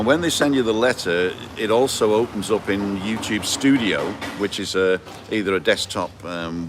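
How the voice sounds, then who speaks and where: A man hosting a casual live stream and explaining things step by step. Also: low voice. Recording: street noise and passing vehicles.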